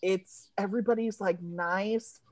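A woman's voice: mid-range voice, fairly even intonation, unhurried, dry recording. A woman comedy writer chatting casually, telling profane stories and laughing mid-sentence. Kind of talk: casual podcast chat.

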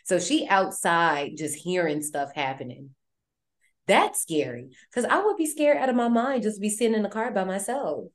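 A woman hosting a podcast, recapping a horror movie in casual, animated, profane slang. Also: mid-range voice, moderate pace. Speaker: podcast host.

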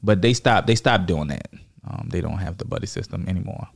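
Young man, low voice, podcast guest, relaxed storytelling, lots of fillers, acts out quotes. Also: a little fast, gravelly. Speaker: guest, army veteran comedian.

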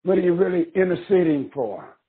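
A man's voice: high-pitched, big pitch swings, a little fast, slightly rough. A man preaching a sermon with passion, rising into cries and chanted repetition. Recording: tinny phone-line sound.

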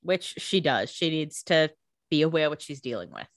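A woman co-hosting a casual podcast chat, animated and playful, laughing often. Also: low-pitched, normal speed, dry recording, studio quality. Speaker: podcast co-host.

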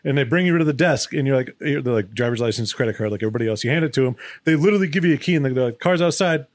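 A man's voice: mid-range voice, animated, very fast, dry recording. A man co-hosting a casual podcast, talking enthusiastically and with profanity in a studio. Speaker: podcast co-host. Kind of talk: casual chat.

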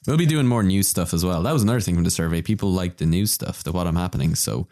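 A man co-hosting a podcast, chatting casually with playful jokes and quick interjections. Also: sits low, lively intonation, warm tone. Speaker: podcast co-host.

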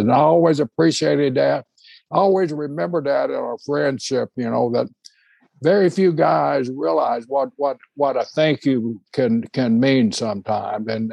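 Gravelly, husky man telling stories. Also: medium pitch, darkish tone, dry recording. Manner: rambling, many restarts and fillers. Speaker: host. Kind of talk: casual storytelling chat.

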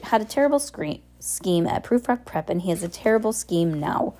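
A woman's voice: lowish voice, lively intonation, moderate pace, warm tone, close to an everyday voice. A woman voicing an earnest teenage boy who pleads urgently, in a storybook reading.

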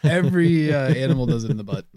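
A man's voice: on the high side, expressive, quick pace, mellow, dry recording, clean studio sound. A man co-hosting a podcast in casual comedic chat, joking and laughing along. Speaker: podcast co-host.

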